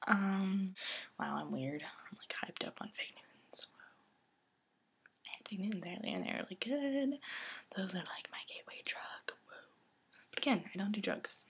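A woman's voice: mid-range voice, moderate pace, pauses often, a bit bright, slightly rough. A teenage girl vlogging casually to her camera, rambling and giggly, often dropping into a whisper. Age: teens.

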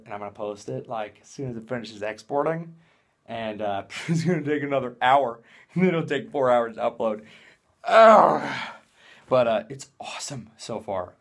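A young man doing a casual vlog in a hyper, jokey, rambling way. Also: mid-range voice. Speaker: vlogger.

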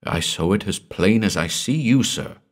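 A man's voice: on the low side, lively intonation, moderate pace. A man voicing a timid, frightened male inn waiter who talks in an anxious, sheepish way. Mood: fearful.

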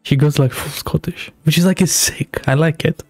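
Rambling man with a gravelly voice. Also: a little high, fairly even intonation, moderate pace, a little mellow, no room sound, soft background music. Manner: rambling, heavy on filler words. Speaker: game reaction host. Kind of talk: casual game reaction commentary.

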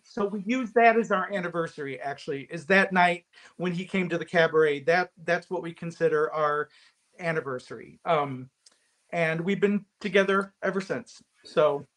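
A man's voice: high-pitched, normal speed, a bit bright. A middle-aged man speaking in a casual interview, recalling memories with heartfelt feeling. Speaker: guest actor.

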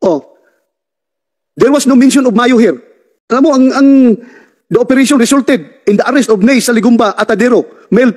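Stern, fast-talking man chairing a hearing. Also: high-pitched, a little mellow. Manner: stern, pressing, lecturing. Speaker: committee chair questioning witnesses. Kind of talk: hearing interrogation. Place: hearing room.

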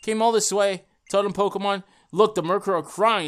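A young man giving excitable, chatty let's-play commentary, talking to himself and his viewers as he plays. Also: sits high, a little fast, few pauses. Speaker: gaming YouTuber. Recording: faint game music behind.

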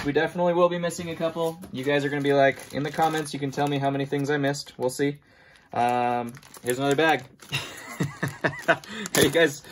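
Sorting through a big toy haul, a male collector vlogger chats casually to viewers and jokes at his own expense. His voice is on the high side with slight background noise, and he's been standing so long his back hurts.

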